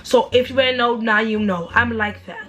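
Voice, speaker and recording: Blunt, animated young woman vlogger. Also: normal speed, soft background music. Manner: animated, blunt and slangy, with sudden high exaggerated outbursts. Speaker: storytime vlogger. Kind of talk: casual storytime rant.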